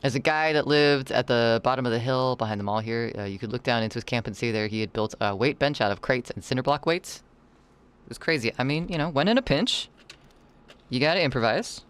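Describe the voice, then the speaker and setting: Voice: medium pitch, a little fast, clean tone. A livestreamer, chatting casually with viewers while drawing. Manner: animated, chatty, reads and answers chat.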